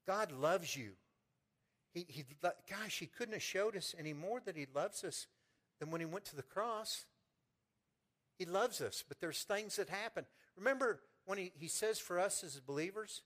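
A folksy pastor preaching to his church in a fairly high voice. He climbs to fervent, loud peaks and then drops into quiet, homespun storytelling, often repeating words as he goes. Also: moderate pace. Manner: preaching with rising fervor, then soft storytelling. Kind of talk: sermon.

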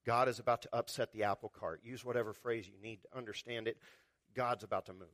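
A man's voice: medium pitch, fairly even intonation, quick pace, fairly bright tone, dry recording. A man preaching a sermon in a conversational way, with wry humor and quotes he acts out.

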